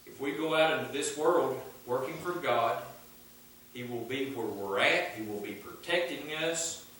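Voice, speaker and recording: A man's voice: mid-range voice, unhurried, a bit bright, a little hiss or hum. A man preaching a fervent sermon in a church, emphatic and repeating his refrains. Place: church sanctuary. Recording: echoey church from far off.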